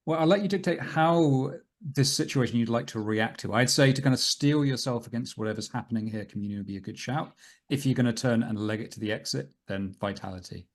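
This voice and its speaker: Speaking in a mid-range voice, a game master sets the scene for his tabletop players, his descriptions unfolding at a slow, dramatic pace.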